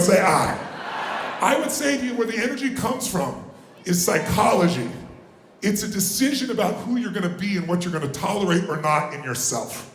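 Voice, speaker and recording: Motivational speaker, male, high voice, commanding crowd-pumping delivery, echoey hall. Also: a little hiss or hum. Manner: commanding, drives the crowd with questions and shouted calls. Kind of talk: live motivational seminar talk. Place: large hall with live audience. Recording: echoey hall with faint ambience.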